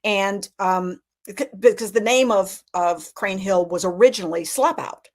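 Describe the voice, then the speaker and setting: A woman with a Southern US accent, a humorist telling folksy stories in animated, casual chat. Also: medium pitch, measured pace. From Alabama, USA.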